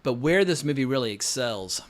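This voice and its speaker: A man's voice: medium pitch, expressive, moderate pace. Guy reviewing a movie, casual and blunt, cusses a lot, normal mid voice. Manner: blunt, opinionated, swears freely. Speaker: film critic. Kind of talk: casual film review monologue.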